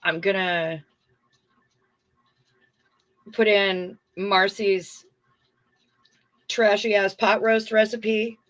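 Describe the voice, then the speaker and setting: A woman's voice: mid-range voice, flat delivery, drawn-out words, pauses often. A middle-aged woman hosting a livestream in casual chat, effusive and chatty as she reads viewer comments aloud. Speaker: livestream host.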